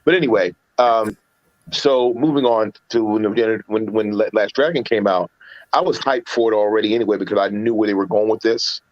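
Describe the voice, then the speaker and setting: A man's voice: on the low side, brisk, no room sound, dull audio. A man in casual livestream chat about films, telling stories with many restarts and acting out quotes from scenes. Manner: animated storyteller, acts out movie quotes, many restarts. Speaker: podcast panelist reviewing films.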